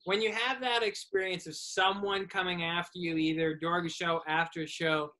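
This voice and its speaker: A man's voice: sits high, fairly even intonation, moderate pace, sharp tone. A man, a comedian hosting the talk, chatting casually and asking long, rambling questions. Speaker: comedian and podcast host. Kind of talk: casual interview chat.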